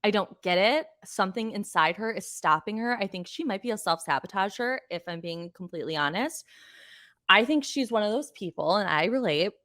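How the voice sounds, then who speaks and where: A woman's voice: mid-range voice, lively intonation, fairly quick, a bit bright, no echo, clean studio sound. A woman hosting a podcast, giving a chatty, exasperated recap of reality TV with plenty of swearing. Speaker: podcast host.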